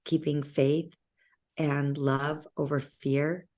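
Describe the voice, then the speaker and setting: A woman hosting an interview, talking reflectively in a halting, soft-spoken way with many pauses. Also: low voice, level tone. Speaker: interview host.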